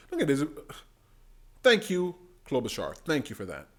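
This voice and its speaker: A man hosting a political commentary channel, reacting to debate clips with animated, indignant outbursts. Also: mid-range voice, moderate pace. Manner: animated, bursts into indignant exclamations.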